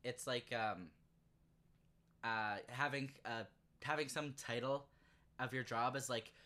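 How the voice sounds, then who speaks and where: A Canadian co-host of a casual podcast who chimes in with jokes and quick questions. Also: medium pitch, sharp tone. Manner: joking interjections and quick questions.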